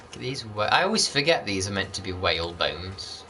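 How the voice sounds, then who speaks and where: Gaming host, rambling chatty commentary, lowish forceful voice. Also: male voice, sing-song, a little fast, slight background noise. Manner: rambling, chatty, greets viewers by name. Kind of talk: casual gameplay commentary.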